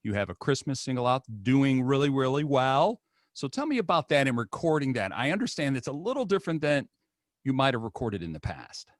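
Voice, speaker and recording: A man's voice: medium pitch, sing-song, a little fast, no echo, clean studio sound. An American man hosting an interview over a video call, upbeat and playful in casual chat. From United States. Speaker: host.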